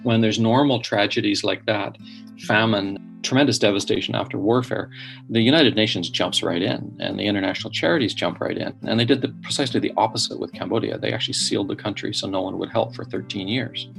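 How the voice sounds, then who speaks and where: A man, a podcast guest telling his story in an earnest, animated way with frequent restarts. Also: on the low side, brisk, creaky, faint music behind. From Northern Ireland. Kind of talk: storytelling interview.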